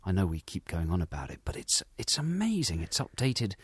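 A man hosting a podcast with a teasing, animated delivery that swings up and down in pitch. The recording is close and dry, with no echo around him. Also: husky. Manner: teasing, quick, reads listener letters. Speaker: co-host. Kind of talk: casual podcast banter.

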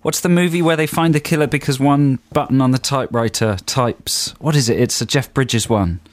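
A man co-hosting a radio show, making dry, deadpan jokes in casual banter. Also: mid-range voice, a little fast, dry recording. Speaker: radio co-host. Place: radio studio.

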